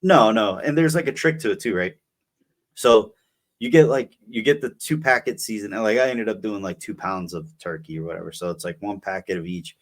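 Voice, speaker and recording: A man's voice: fairly low pitch, brisk. A young man co-hosting a podcast, telling a long story in casual chat full of fillers. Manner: rambling, filler-heavy storytelling. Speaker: podcast co-host.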